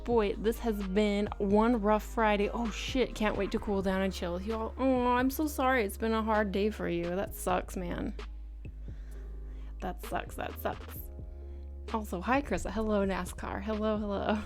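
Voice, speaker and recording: A woman's voice: medium pitch, fairly even intonation, moderate pace, few pauses. A woman art streamer chatting casually on a livestream, bubbly and giggly as she greets her viewers. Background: faint background music.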